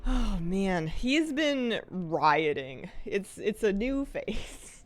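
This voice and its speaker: A woman's voice: medium pitch, big pitch swings, drawn-out words, long pauses, faint music behind. A woman streaming a game live, chatting in a rambling way and laughing often. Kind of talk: casual live-stream chat while gaming.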